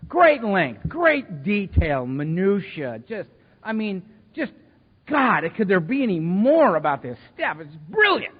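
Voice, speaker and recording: A man speaking at a recovery meeting, telling his story in an animated, self-mocking way. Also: high voice, measured pace, husky. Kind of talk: storytelling talk to a live meeting. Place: meeting hall. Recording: echoey hall, dull lo-fi sound.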